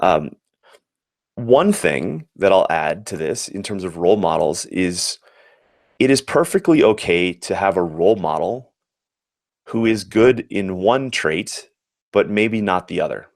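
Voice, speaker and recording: American man, 40s, very low voice, earnest reflective storyteller, interview guest. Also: animated, measured pace, vocal fry, no echo, clean studio sound. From United States. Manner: earnest, reflective, frequent restarts. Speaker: former Olympic athlete, interview guest.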